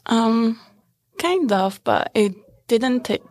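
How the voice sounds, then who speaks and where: A young French woman with a French accent, answering interview questions in English in a hesitant, halting way with lots of "uh" and "um.". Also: on the high side, expressive, a little mellow, dry recording, clean studio sound. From France. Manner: hesitant, halting, laughs easily. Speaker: interview guest. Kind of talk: casual interview chat.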